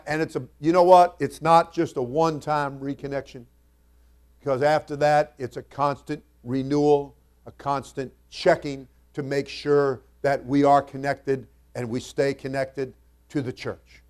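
A man, the senior pastor, preaching a sermon that moves from quiet, conversational asides to loud, emphatic scripture readings in King James wording. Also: medium pitch, level tone, moderate pace.

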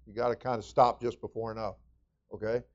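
A man preaching a sermon as pastor, rising to shouted exhortations and then dropping to quiet, folksy asides, with frequent repeats and restarts. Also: on the low side, little pitch movement, fairly quick, lo-fi sound.

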